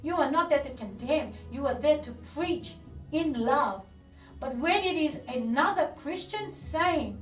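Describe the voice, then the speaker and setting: A woman's voice: sits high, expressive, a little slow. A woman pastor delivering a sermon, preaching with fervent rhetorical questions and repeated words. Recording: echoey room from a distance with faint music.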